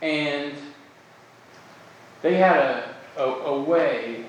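A man's voice: a little high, extremely slow, slight background noise, rough recording. A man from Florida preaching a sermon as pastor, earnest and emphatic, telling folksy stories with humor. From Florida, USA.

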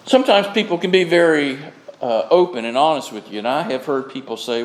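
A male pastor preaching a sermon with slow, emphatic delivery and dramatic pauses. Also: fairly high pitch. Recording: echoey room sound.

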